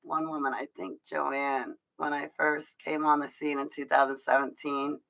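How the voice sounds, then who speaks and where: A woman chats casually to her livestream viewers in a rough, gravelly voice. Her tone is bright and pushy, rambling and confiding, with frequent restarts and little laughs. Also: low-pitched, flat delivery, normal speed, rough recording. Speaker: livestream host talking to her chat.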